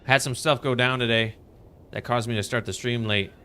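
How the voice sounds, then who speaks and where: Bright-voiced casual male game streamer. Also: medium pitch, fairly even intonation, normal speed, clear, resonant tone. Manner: laid-back, greets chat members with upbeat enthusiasm. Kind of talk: casual live-stream chat while playing.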